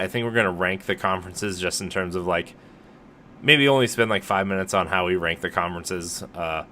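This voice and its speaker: Male podcast co-host, low-ish, bright forceful tone, loose rambling jokey delivery. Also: slight background noise. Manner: rambling, filler-heavy, joking. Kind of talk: casual podcast chat.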